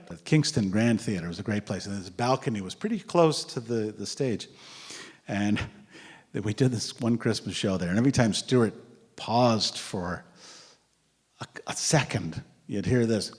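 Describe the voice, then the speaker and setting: A man telling lively anecdotes, acting out the voices of the people in them and laughing as he goes. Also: on the low side, normal speed, breathy edge, long reverb tail. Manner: animated, acts out quotes, laughs often. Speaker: storyteller sharing memories. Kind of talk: anecdotal storytelling.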